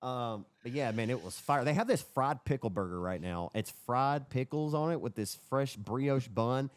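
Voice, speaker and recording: Podcast co-host, young man, excitable storyteller, dry close sound. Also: mid-range voice, normal speed, no room sound. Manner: excitable storyteller, drawls and swears. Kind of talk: casual chat.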